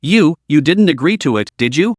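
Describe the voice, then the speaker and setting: A man's voice: a little high, animated, moderate pace, no room sound, studio quality. A man voicing a young woman who is tearful and pleading, reading her in a storybook recap. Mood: upset. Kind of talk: storybook narration.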